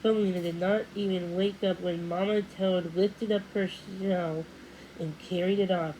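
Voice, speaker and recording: A woman narrating a storybook read-along in a steady, gentle telling with the odd slip and restart. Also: on the low side, moderate pace, slight background noise, rough recording. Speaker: storybook reader.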